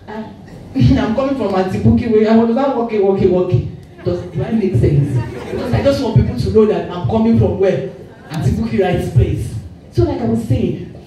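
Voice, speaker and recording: Nigerian woman, echoey hall talk. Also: medium pitch. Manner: lively storytelling, mixing in Yoruba, often laughing. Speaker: actress giving a public talk. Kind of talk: motivational talk to a live audience. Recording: echoey hall, voice far from mic, faint noise.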